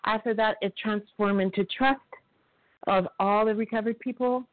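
A woman's voice: medium pitch, steady tone, moderate pace, dry recording. A woman from Montreal sharing her recovery story at a meeting, heartfelt, acting out the voices of a story she tells. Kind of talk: personal recovery share. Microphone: phone call. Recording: tinny phone line.

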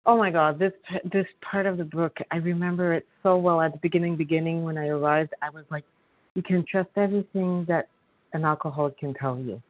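Over a tinny phone line, a woman from Montreal with a lowish voice and no echo gives a heartfelt personal recovery share at a meeting. As she tells a story, she acts out its different voices.

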